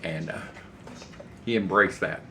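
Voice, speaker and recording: A man's voice: deep voice, measured pace, sharp tone, soft background music. An older man, rambling folksy stories as he cooks in his home kitchen. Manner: rambling, folksy storytelling while cooking. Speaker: cooking channel host. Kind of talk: casual cooking vlog chat.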